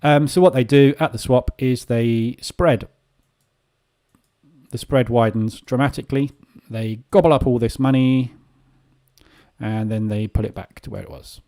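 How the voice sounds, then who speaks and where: A man's voice: mid-range voice, a little slow, mellow. A man hosting a live trading session, talking casually and rambling with many filler sounds. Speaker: trading room host. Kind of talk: live market commentary.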